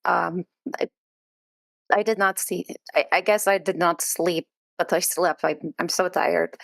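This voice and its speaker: A woman player in a tabletop game, speaking hesitantly with many pauses. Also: fairly low pitch, fairly even intonation, gravelly, fairly bright tone, dry recording. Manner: hesitant, full of pauses and fillers. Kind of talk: casual in-character play.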